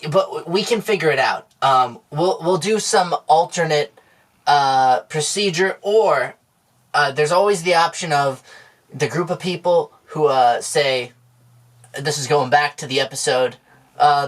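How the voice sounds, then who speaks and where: Deadpan man with a fairly high voice. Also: unhurried. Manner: deadpan and mock-reassuring, stammering. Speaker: podcast co-host. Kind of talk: comedy podcast improv.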